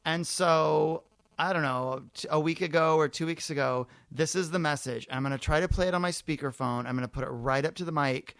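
Animated, foul-mouthed male storyteller. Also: fairly high pitch, brisk, creaky, no echo. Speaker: podcast host. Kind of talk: casual chat.

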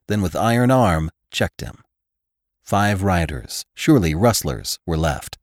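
A man reading a classic western novel aloud as a podcast narrator, with measured, dramatic storytelling and grim, low-voiced character lines. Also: a little mellow, no room sound, studio quality. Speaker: audiobook narrator. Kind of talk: scripted narration.

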